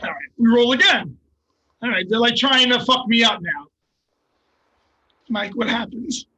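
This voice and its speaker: This man talks high in his register with a bright, somewhat husky tone. He is a jiu-jitsu coach chatting on a podcast, telling stories with animated, profane energy. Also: a little slow, pauses often, poor audio. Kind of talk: casual podcast chat.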